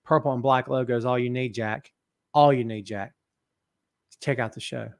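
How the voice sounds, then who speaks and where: A gravelly, mid-range man's voice with a steady tone and moderate pace carries a live wrestling talk show broadcast from an office. He uses a podcast mic, joking and reading out what viewers post in the live-stream chat.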